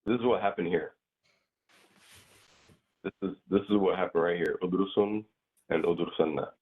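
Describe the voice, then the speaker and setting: A very low, husky-voiced man teaches grammar over a thin, phone-like connection. He rambles through his points with plenty of fillers and acts out little everyday scenes to make them clear. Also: fairly even intonation, moderate pace. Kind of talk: casual online class explanation. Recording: tinny phone-like audio.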